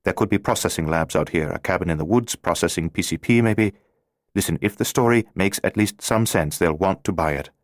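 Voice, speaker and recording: A man's voice: low-pitched, dry recording, studio quality, close to an everyday voice. A man playing an urgent, secretive male stranger in an audiobook, giving terse instructions.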